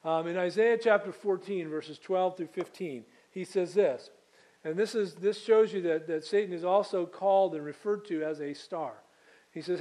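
A man's voice: sits high, normal speed, darkish tone, low-quality recording. A man preaching a sermon, reading scripture aloud and then explaining it with asides and small slips. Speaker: pastor.

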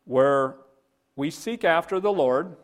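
A man's voice: a little high, lively intonation, takes it slowly. A man preaching a sermon, earnest, quoting scripture and telling a story. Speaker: pastor.

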